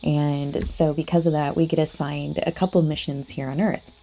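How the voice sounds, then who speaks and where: Female podcast host, low-pitched and mellow; casual, earnest talk aimed right at the listener. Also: flat delivery, normal speed, slight background noise. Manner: chatty, full of "like" and "you know what I mean"; earnest, addresses listeners directly. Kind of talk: casual spiritual monologue.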